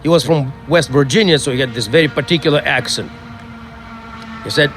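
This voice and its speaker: A middle-aged male rabbi giving a funeral eulogy, telling stories in a measured way with frequent hesitations. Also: mid-range voice, expressive, a bit bright, a little hiss or hum.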